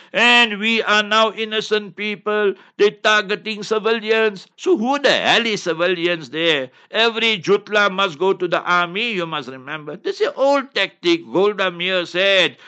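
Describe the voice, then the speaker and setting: An impassioned man answers listener questions in a forceful, emphatic delivery. His voice sits a little high and sounds bright and tense. The audio is muffled and lo-fi. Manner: impassioned, forceful, repeats "you must remember".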